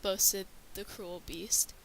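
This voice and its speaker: A woman's voice: mid-range voice, fairly even intonation, slow pace, slight background noise, low-quality recording. A woman narrating a scripted horror story with a dramatic reading manner.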